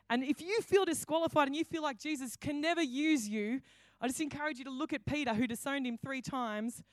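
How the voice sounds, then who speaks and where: A woman pastor, preaching a sermon with animated storytelling and acted-out dialogue. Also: high-pitched, no room sound. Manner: animated storytelling, acting out quoted voices. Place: church hall.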